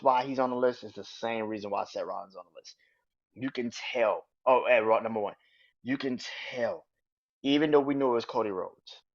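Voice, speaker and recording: A man hosting a podcast, talking casually and excitably about wrestling and swearing freely. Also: mid-range voice. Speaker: podcast host. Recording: dull lo-fi sound.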